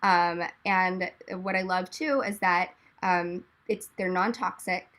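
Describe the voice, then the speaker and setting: A woman panelist and drink company founder, explaining in an animated, rambling way with jokey asides over a video call. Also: fairly low pitch, slow. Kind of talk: casual explanatory chat.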